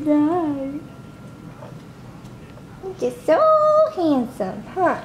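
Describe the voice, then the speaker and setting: A woman vlogging at home, talking to her baby son in a high, sing-song baby-talk voice. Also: lively intonation, slow, a little mellow, a little hiss or hum. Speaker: mother and vlogger. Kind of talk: casual home vlog.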